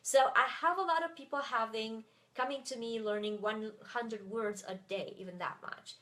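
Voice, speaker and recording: A woman's voice: fairly high pitch, moderate pace, bright, forceful tone. A native French-speaking woman teaching an online webinar lesson, hesitant, with many fillers and self-corrections. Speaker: French tutor.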